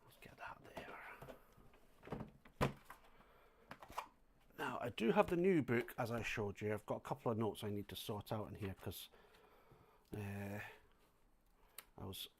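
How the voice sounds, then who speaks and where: A middle-aged Scottish man chatting casually on a home livestream, thinking aloud as he sorts banknotes, with sudden loud exclamations. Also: lowish voice, measured pace, pauses often, background noise. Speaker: coin and banknote collector livestreaming. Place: home flat indoors.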